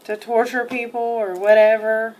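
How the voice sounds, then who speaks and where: A woman's voice: fairly high pitch, level tone, moderate pace, a little mellow, a little hiss or hum. A young woman giving an indignant, emphatic first-person account while narrating over video, swearing freely. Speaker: person narrating her own arrest footage.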